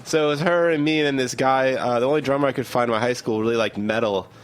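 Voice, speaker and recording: A man, a musician guest, telling stories in quick, self-deprecating casual chat on a radio show. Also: medium pitch. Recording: radio studio with live music.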